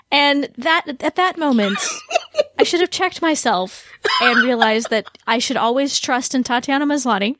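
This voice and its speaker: Higher-voiced woman co-hosting a chatty podcast. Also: normal speed, fairly bright tone. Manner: chatty, frequent restarts and laughs. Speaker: podcast co-host. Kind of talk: casual chat.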